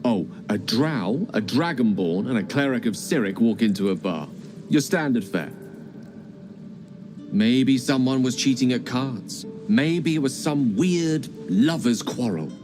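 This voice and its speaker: A man's voice: medium pitch, animated, measured pace, close to an everyday voice. A man voicing a charming, self-assured male wizard in a video game, speaking with a witty, theatrical manner. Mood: storytelling. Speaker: game character. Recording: game audio with music underneath. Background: game music.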